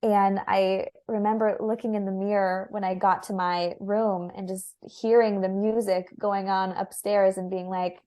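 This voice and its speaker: A woman's voice: medium pitch, flat delivery, unhurried, hardly any pauses, mellow. A young woman speaking as an interview guest, telling her personal story earnestly and candidly, with lots of filler "likes".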